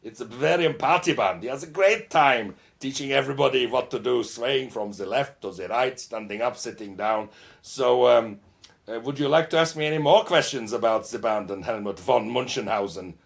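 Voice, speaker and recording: A man's voice: medium pitch, moderate pace, creaky, lightly acted. A man voicing a jolly, boastful German party bandleader with a put-on German accent, mock-pompous and teasing.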